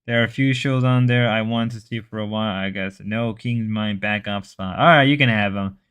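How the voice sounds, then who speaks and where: Chatting with viewers on his stream, this male host, a native Spanish speaker, rambles and banters in a loose, jokey manner. He speaks at a normal speed in a lowish voice that sounds bright, forceful and crisply clear, often drifting into silly put-on voices.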